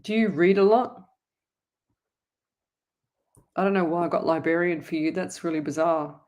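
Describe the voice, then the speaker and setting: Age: adult. Sex: woman. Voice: lowish pitch. Delivery: chatty and rambling. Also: moderate pace, darkish tone. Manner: chatty and rambling, with frequent restarts and asides. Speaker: psychic medium host answering viewer questions. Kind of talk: casual live-stream chat.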